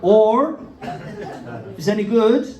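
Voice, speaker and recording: A man's voice: high voice, wildly swooping pitch, very slow, a little mellow, exaggerated voice. A man voicing a cheeky male station announcer, drawling and jolly. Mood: cheery. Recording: echoey hall, distant mic, crowd laughter.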